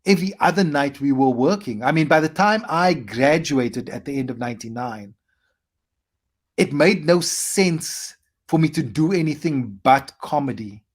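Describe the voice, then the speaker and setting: Animated South African man telling stories. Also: on the high side. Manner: animated anecdotes with quick asides and playful acted quotes. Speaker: comedian guest. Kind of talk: storytelling interview.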